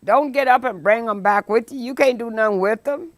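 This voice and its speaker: In a dry, studio-quality recording, a woman with a fairly high voice teaches a midweek Bible study. As a pastor she preaches with emphasis, stretching out important phrases deliberately and reading scripture dramatically.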